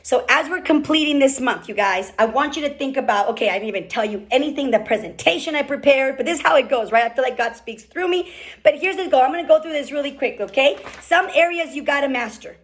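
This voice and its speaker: Woman, high voice, motivational team call, fast and fired up, keeps asking okay?. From California. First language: Spanish. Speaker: team leader speaking on a group call. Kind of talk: motivational business talk. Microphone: call microphone.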